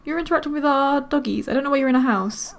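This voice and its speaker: Woman, let's-play commentary, chatty, slightly high-pitched, excitable, talks to game characters. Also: fast talker, vocal fry. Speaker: gaming video creator.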